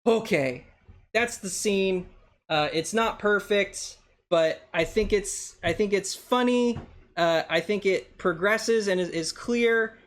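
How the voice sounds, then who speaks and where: A man's voice: sits high, slow pace. A man teaching a live-streamed storyboarding class, talking in a rambling, hesitant, self-deprecating way.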